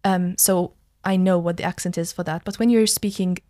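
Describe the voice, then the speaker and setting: A woman's voice: lowish voice, fairly even intonation, normal speed, mellow, no echo, studio quality. A young woman from Malta with a Maltese accent, a drama student chatting casually on a podcast and explaining at length with lots of "like" fillers. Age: young adult. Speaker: drama school student guest.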